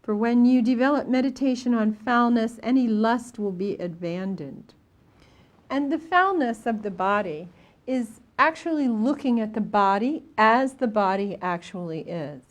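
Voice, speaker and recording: Older nun giving a dharma talk. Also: female voice, a little high, expressive, a little slow. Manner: storytelling, with frequent fillers and restarts. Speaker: Buddhist nun teacher.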